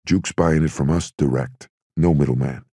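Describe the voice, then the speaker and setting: A man with a very deep, gravelly voice voicing a blustery, streetwise young male gangster in an audiobook. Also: fairly even intonation, moderate pace, mellow, no room sound, clean studio sound, exaggerated voice. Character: brash young male Prohibition-era gangster.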